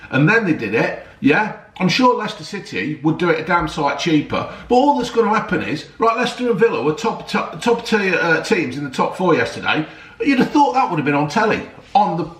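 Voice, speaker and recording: Middle-aged man for a heated, swearing football rant, somewhat high, echoey room. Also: fairly bright tone. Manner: heated, sweary, rambling, keeps asking right and yeah. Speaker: football vlogger. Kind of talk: ranting vlog.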